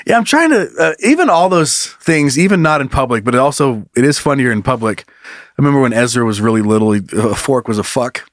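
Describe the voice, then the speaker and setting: A man's voice: medium pitch, expressive, brisk, no echo, clean studio sound. A man in his thirties co-hosting a podcast in casual chat, joking and laughing often. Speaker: podcast co-host.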